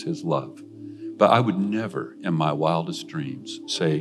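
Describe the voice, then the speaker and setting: Older man preaching, low voice. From United States. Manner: earnest, confessional personal storytelling. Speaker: guest preacher. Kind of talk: sermon storytelling. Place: church.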